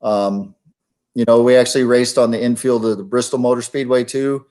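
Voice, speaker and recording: A man telling racing stories in a relaxed, rambling way, with lots of fillers. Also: medium pitch, fairly quick. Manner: laid-back, rambling with many fillers. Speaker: guest, retired monster truck driver. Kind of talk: casual storytelling chat.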